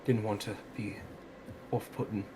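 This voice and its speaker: A man's voice: fairly low pitch, little pitch movement, measured pace, background noise. A man playing a tabletop game, speaking in character politely and hesitantly with many fillers. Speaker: player. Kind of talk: in-character tabletop role-play.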